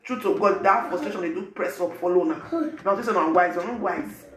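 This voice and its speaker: A man speaking Nigerian Pidgin English, giving animated, preachy advice to his viewers in a casual vlog. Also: high voice, brisk, roomy sound. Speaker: vlogger.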